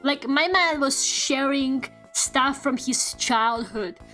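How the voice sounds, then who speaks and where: A woman's voice: sits high, slow pace, pushed and bright, soft background music. A woman streamer chatting casually while she draws, rambling, swearing and laughing, with "like" in nearly every sentence. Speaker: VTuber streamer.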